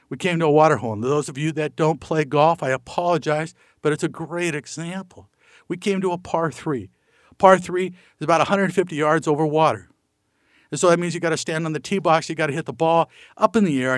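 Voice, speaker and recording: Man, middle-aged, folksy motivational speaker, rhetorical questions, slightly high voice, dry close sound. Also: no room sound. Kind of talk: motivational talk with golf stories.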